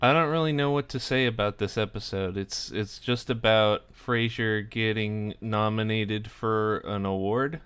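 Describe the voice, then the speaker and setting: A man's voice: fairly low pitch, fairly even intonation, measured pace, few pauses, a bit bright, smooth. A young man casually recapping a sitcom episode for his vlog, chatty and full of "like" asides. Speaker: TV episode reviewer.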